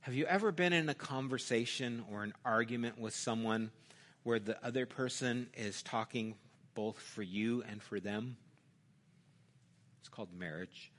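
A middle-aged male pastor delivers a sermon in a relaxed, conversational manner. His voice is bright and of middle pitch. He swings between loud emphatic bursts and hushed, intimate asides. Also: a little slow.

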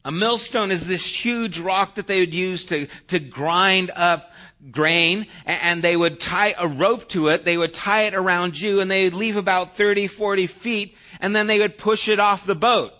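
Bright-voiced male pastor preaching conversationally. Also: high voice, steady tone, normal speed, muffled recording. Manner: conversational preaching, shifting from loud to hushed. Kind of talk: sermon.

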